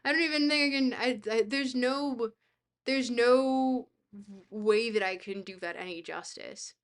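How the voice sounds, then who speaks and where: A woman's voice: fairly high pitch, measured pace. A woman streaming live, reading a dense book aloud and breaking off to chat, often hesitating with fillers and laughing at herself. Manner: laughs easily, self-deprecating.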